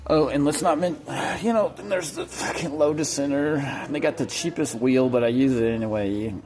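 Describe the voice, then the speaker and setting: A man's voice: a little high, moderate pace. A man talking to camera in a rambling, profane monologue that jumps from topic to topic.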